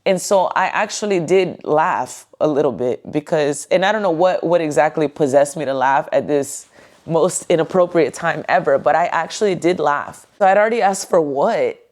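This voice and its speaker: A woman's voice: deep voice, normal speed, a little mellow. A woman hosting her own podcast, telling a personal story in a goofy, joking, candid way with some casual swearing, recorded at home on her couch. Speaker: podcast host.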